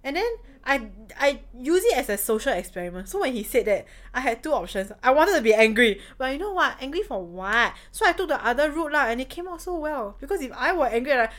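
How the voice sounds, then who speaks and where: A woman's voice: sits high, big pitch swings, quick pace, hardly any pauses, a bit bright. A young woman with a Singaporean English accent, chatting casually and frankly, swearing freely and acting out bits of dialogue. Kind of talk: casual chat.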